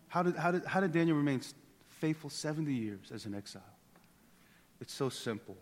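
A man in his thirties, a pastor preaching a sermon in a relaxed, joking, conversational way that often repeats words. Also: medium pitch, fast talker. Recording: long hall reverb.

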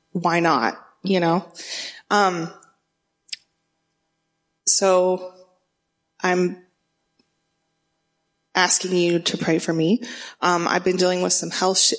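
A young woman with a lowish voice speaks to her church group. She talks earnestly, with a little hesitation.

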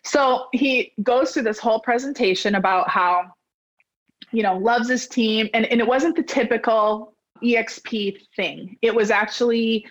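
A woman in her forties, a real estate business owner, telling her story as a podcast guest in a chatty, expressive way, acting out the voices of the people she quotes. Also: a little slow, highs cut off. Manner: chatty and expressive, acting out quoted dialogue with big pitch jumps. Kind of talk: animated storytelling in a conversational interview.

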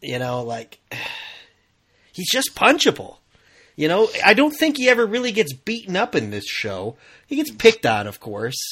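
A man's voice: sits high, wildly swooping pitch, a little slow, bright, forceful tone, slightly rough. A man hosting a podcast, chatting casually and laughing often about a TV show. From US Midwest. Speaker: podcast host. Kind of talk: casual chat.

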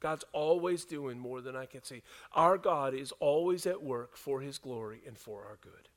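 A man preaching a sermon as a pastor, dropping to soft low asides and rising to loud, emphatic reading of scripture. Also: moderate pace.

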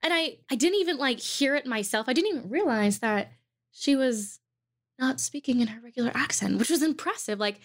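A woman's voice: high-pitched, expressive, fairly quick. A woman hosting an interview, bubbly and full of fillers like "um" and "like". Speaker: host. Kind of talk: casual interview chat.

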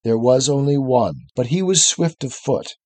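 A man voicing a vast lion with a deep, low voice, calm and commanding, in a read-aloud story. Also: moderate pace, no room sound, close to an everyday voice. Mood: solemn.

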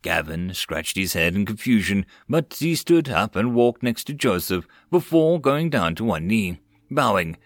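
Low-voiced man reading a web novel. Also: very animated, unhurried, dry recording, clean studio sound. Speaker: audiobook narrator.

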